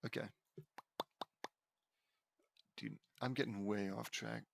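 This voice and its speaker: A man's voice: on the low side, steady tone, brisk, vocal fry, fairly bright tone. A young man reading fan fiction aloud as an audiobook, breaking off often into rambling, casual asides.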